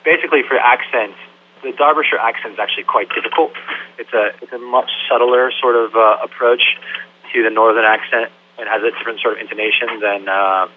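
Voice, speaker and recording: A man's voice: medium pitch, steady tone, brisk. A man, a film director, answering interview questions thoughtfully and loosely, with lots of "sort of" and "like". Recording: tinny phone-like line with faint hum.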